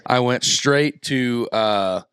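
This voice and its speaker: A man co-hosting a podcast, chatting casually and telling animated stories with loud laughs. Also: medium pitch, slow, clear, resonant tone, no echo, clean studio sound. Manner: animated storyteller, laughs loudly. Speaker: podcast co-host.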